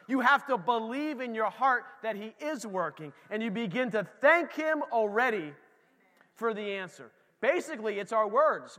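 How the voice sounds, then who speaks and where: A pastor preaching a lively, conversational sermon in a church, talking straight to his congregation. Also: very high-pitched, big-room sound.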